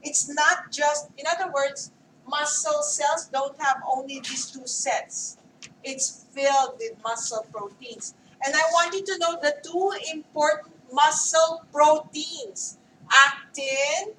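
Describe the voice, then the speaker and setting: A woman's voice: sits high, slow, bright, forceful tone, slight background noise. A woman lecturing a class on anatomy, often stopping to check with "okay?" and putting questions to her students. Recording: roomy classroom mic from far off.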